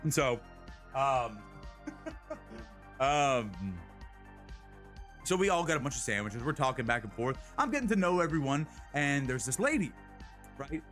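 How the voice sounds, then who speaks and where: A man streaming live, telling a rambling, slang-filled story in a casual, animated way. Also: mid-range voice, a little slow, long pauses, faint music behind.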